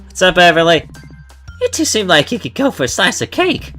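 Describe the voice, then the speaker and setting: A man plays a bubbly, hospitable cafe owner in a role-play game, talking high and loud. The tone is bright and the pitch jumps about, while faint music plays behind. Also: huge pitch swings, a little fast, full character voice. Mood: cheerful. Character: cheerful generous cafe owner Beverly.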